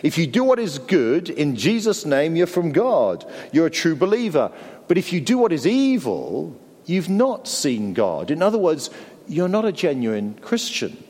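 Middle-aged English pastor, conversational sermon, animated pitch, wry humour. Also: male voice, measured pace, in a large hall. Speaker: preacher.

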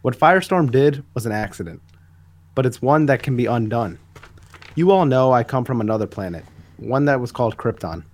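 A man co-hosting a comic book podcast, reading a hero's speech aloud in an earnest, measured way, a little back from the mic. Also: mid-range voice, expressive, a little mellow. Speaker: podcast co-host.

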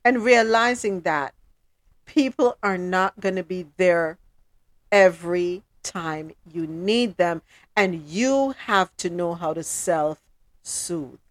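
A woman's voice: lowish voice, takes it slowly, dry recording. A woman hosting a relationship talk show, talking casually and acting out her own thoughts as she tells a story.

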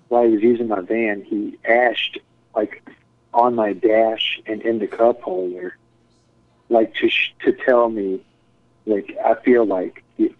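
A man casually tells a rambling story full of swearing and acted-out quotes. His voice is on the low side, and the recording is dry and tinny, like a phone, with no room sound.

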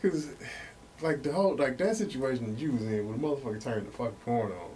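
A man hosting a podcast, telling stories in an animated, profane, casual way. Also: medium pitch, fast talker, slight background noise. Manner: animated and profane, with lots of fillers. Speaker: podcast host.

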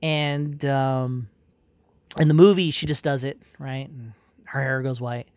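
A man talks off the cuff in a loose, rambling rant, peppered with swearing and half-finished restarts. He sounds irritated and dismissive, at a middling pitch, recorded dry and close with no room sound. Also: steady tone, measured pace, darkish tone, no room sound. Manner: rambling, profane, full of fillers and restarts. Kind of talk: casual spoken review rant.

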